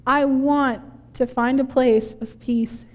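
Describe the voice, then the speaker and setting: A woman preaching a sermon, telling the story in an animated, conversational way. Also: sits high, slow pace. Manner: animated storytelling, acting out quoted voices with laughs. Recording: long hall reverb.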